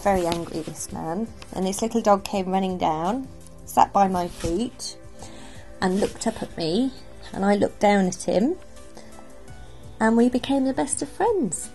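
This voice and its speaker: A woman from England answering interview questions about dogs, an animated storyteller who acts out the voices in her story. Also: medium pitch, a little slow, creaky, soft background music. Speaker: dog trainer interviewed as guest. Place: outdoors by a river.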